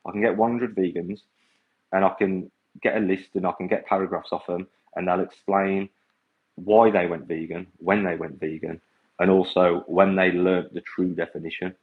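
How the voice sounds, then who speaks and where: A man with a deep, low voice vents bluntly to his livestream audience. He sounds exasperated and keeps repeating himself. The sound is tinny and narrow, like a phone line. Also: little pitch movement, moderate pace. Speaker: vegan coach and activist. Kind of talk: livestream rant to viewers.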